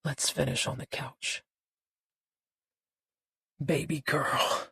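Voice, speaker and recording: A woman's voice: rumbling low, flat delivery, very slow, gravelly, sharp tone, breathy edge, dry recording, heavily acted. A woman narrator voicing a manipulative middle-aged man in an audiobook, coaxing and dismissive. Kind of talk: audiobook character voice.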